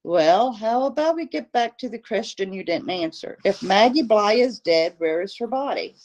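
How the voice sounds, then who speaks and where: A woman voicing a guarded male wildlife biologist who answers smoothly and probes with questions. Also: medium pitch, animated, normal speed, darkish tone, lo-fi sound, voice pushed up, close to an everyday voice. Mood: guarded, probing.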